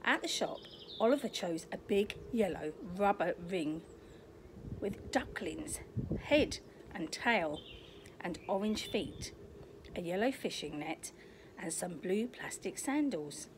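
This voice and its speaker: A medium-pitched, expressive female voice reads slowly, with a little hiss or hum in the recording and faint birdsong behind it. She is an older woman playing a grandmotherly storyteller, sharing a picture book with children outdoors in a garden, chatty and sing-song and often questioning her listeners.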